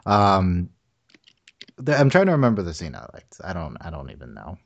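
A man co-hosting a casual movie review chat, talking haltingly with dry humor and frequent laughs. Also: sits low, huge pitch swings, vocal fry, lo-fi sound. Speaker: podcast co-host reviewing a movie.

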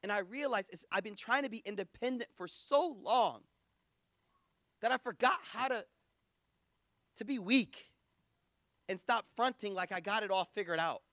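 A man's voice: high-pitched, normal speed, pauses often, pushed and bright, no room sound, clean studio sound. A man preaching in a casual, conversational way, acting out quoted voices. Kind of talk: sermon.

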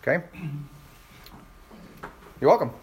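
A man's voice: takes it slowly, slight background noise. A man teaching a Bible class, quizzing his students with rhetorical questions and acting out quoted exchanges. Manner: acts out voices in quoted exchanges.

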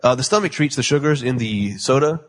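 A man's voice: medium pitch, lively intonation, fairly quick. A man in his twenties hosting a casual chat, loose and joking, laughing often. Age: 20s. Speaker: podcast host.

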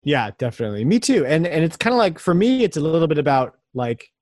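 A man in his thirties co-hosting a casual podcast, talking in a relaxed, rambling, earnest way. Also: mid-range voice, dry recording. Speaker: podcast co-host.

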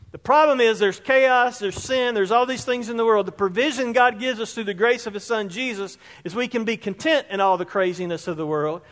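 A pastor preaching a sermon, emphatic and fond of stacking repeated words for stress. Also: male voice, high voice, a bit bright, long reverb tail.

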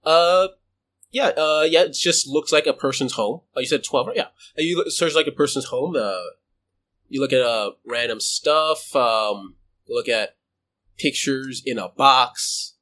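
A man with a mid-range, fairly bright voice runs a tabletop game as game master, narrating haltingly with many fillers and restarts.

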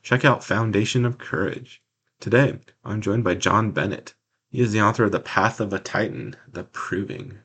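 A man's voice: fairly low pitch, moderate pace, gravelly. A man from Washington hosting a podcast, chatting casually and rambling a little with many fillers. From Washington, United States. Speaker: podcast host. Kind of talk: casual interview chat.

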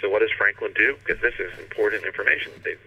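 A man hosting a history podcast, telling a story in a casual, animated way and acting out the quotes. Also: on the low side, racing, creaky, slightly rough, no echo, distant mic, rough recording.

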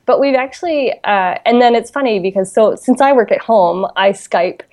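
A woman's voice: fairly high pitch, moderate pace, darkish tone. A Canadian woman chatting as an interview guest, laughing often and full of fillers and restarts. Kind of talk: casual interview chat.

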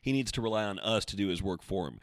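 A man's voice: low-pitched, expressive, quick pace, no room sound, clean studio sound. A man hosting his own podcast alone, chatting in a rambling, jokey, self-deprecating way. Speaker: podcast host. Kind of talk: casual solo podcast talk.

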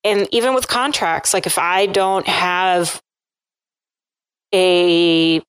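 A woman's voice: on the low side, fairly even intonation, slow, a bit bright, smooth, no room sound. A young adult woman hosting a casual conversation, telling stories in a chatty, self-deprecating way with plenty of fillers.

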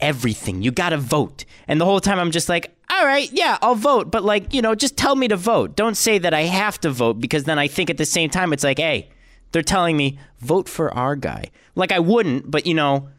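A man's voice: a little high, dry recording, clean studio sound. A young man co-hosting a podcast, ranting and joking in casual chat. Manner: animated, ranting, jokey. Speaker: podcast co-host.

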